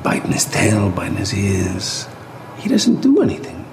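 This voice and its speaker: A man giving documentary-style narration, slow, hushed and drawn-out. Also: deep voice, huge pitch swings, creaky. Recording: echoey room with faint noise.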